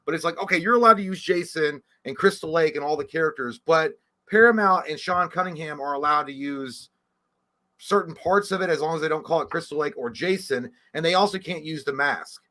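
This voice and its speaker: Bright-voiced swearing young man. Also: a little high, brisk. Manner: rambling, animated, swears a lot. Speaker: podcast co-host. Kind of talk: casual profane chat.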